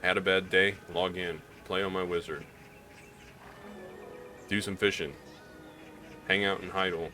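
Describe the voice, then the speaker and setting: Man, slight Southern drawl, very low voice, rambling candid gaming vlog, faint music behind. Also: flat delivery, unhurried, long pauses, bright, forceful tone. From Missouri, US Midwest. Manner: rambling, candid, with many restarts and fillers. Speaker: gaming YouTuber. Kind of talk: casual gaming vlog commentary.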